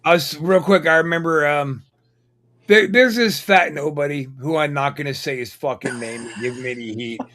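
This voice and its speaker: A man co-hosting a casual chat, chiming in with quick, profane remarks. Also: a little high, fairly bright tone.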